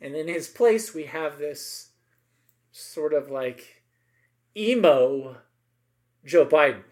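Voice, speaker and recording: A man's voice: fairly high pitch, lively intonation, takes it slowly, a little mellow. A middle-aged man co-hosting a podcast, chatting casually and emphatically about politics, with many asides and tag questions.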